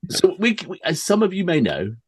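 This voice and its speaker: A fairly high, husky English man with a lively, bouncing delivery. He co-hosts a reaction video, laughing easily and rambling through casual banter. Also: a little fast. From England.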